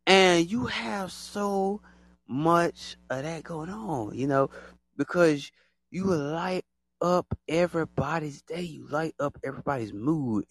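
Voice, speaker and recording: A man rambles through a casual monologue to his listeners, his pitch swooping up and down as he gets animated. He circles back on his points and leans on fillers. The recording is close and dry. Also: no echo. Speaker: podcast host.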